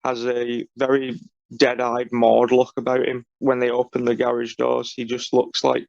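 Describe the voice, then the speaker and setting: Flat gravelly man, lo-fi. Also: medium pitch, normal speed, no room sound. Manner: flat, dry, matter-of-fact commentary. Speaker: podcast co-host. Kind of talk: casual podcast chat. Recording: dull lo-fi recording.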